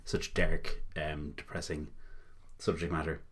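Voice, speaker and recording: Deep husky Irish young man. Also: level tone, unhurried, fairly bright tone. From Ireland. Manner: rambling, laughs often, swears casually. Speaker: reaction video host. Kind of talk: casual reaction commentary.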